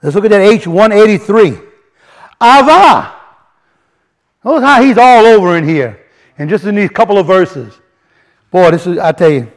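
A man teaching a sermon in a casual, animated way, often restarting phrases and building emphasis. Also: high voice, normal speed, long pauses. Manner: animated, repeats and restarts, rising emphasis, colloquial grammar. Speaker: preacher. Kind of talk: sermon teaching from word studies.

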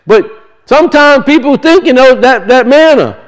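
A man's voice: extremely high pitch, expressive, normal speed, poor audio. A man preaching a sermon, teaching through rhetorical questions and emphatic repetition.

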